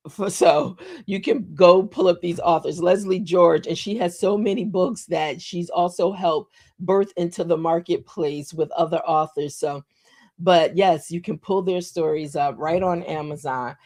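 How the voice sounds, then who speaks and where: A woman's voice: lowish voice, a little mellow. A middle-aged woman hosting a live morning show, speaking from the heart to viewers and repeating phrases for emphasis. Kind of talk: live-stream talk to viewers.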